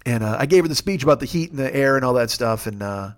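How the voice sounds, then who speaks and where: A man's voice: medium pitch, animated, fast talker. A man hosting his own show in a casual comic monologue, rambling and profane with a wry tone. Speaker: podcast host.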